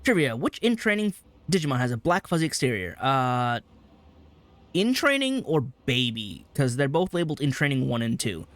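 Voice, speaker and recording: A man's voice: medium pitch, big pitch swings, normal speed, fairly bright tone, dry recording. A man hosting a let's play, chatting about the game he is playing in a wry, rambling way, with faint game music behind him.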